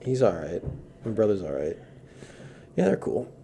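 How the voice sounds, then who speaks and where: Deep gravelly man with a close-mic radio voice. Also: moderate pace, a little hiss or hum. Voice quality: raspy. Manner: low calm late-night radio voice held close to the mic. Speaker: guest comedian. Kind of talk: casual podcast chat. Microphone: close handheld mic.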